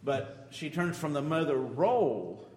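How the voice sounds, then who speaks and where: A man preaches to his congregation in a slightly high voice, booming on key words and then dropping to near-quiet asides. The sound carries a long, echoey hall reverb around him. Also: lively intonation, a little slow. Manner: dynamic preaching, swinging from loud emphasis to quiet asides. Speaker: pastor. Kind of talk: sermon.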